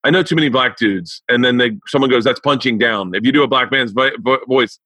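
A man hosts a podcast, chatting casually in an interview with lots of swearing and stammered restarts. His medium-pitched voice has a sharp tone, moves a little fast, and carries no room sound.

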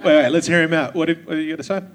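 A man making quick, lively interjections during a live podcast interview. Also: on the high side, background noise.

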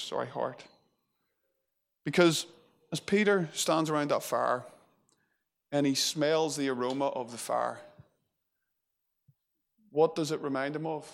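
Medium-pitched with vocal fry, this man preaches a sermon conversationally, full of fillers and restarts, and acts out quotes as he goes.

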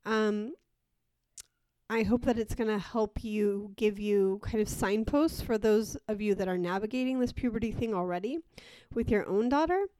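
A woman's voice: mid-range voice, normal speed, warm tone, no echo. Female podcast host, nasal and congested from a cold, earnest casual delivery, dry close sound. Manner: earnest, with frequent ums and restarts. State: stuffed-up nose from a cold. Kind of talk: casual solo podcast talk.

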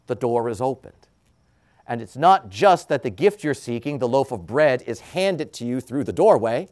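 This is a man's voice: a priest giving a homily at a slow, deliberate pace, his delivery swelling to emphatic highs and fading to quiet, hushed endings.

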